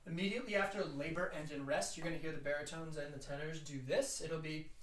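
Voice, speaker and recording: A man with a tenor voice leading a choral rehearsal, explaining the notes quickly and then singing phrases slowly in falsetto. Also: fairly even intonation, echoey room, recorded from a distance, over loud music, rough recording. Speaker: choir director. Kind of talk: choral rehearsal teaching with sung demonstrations.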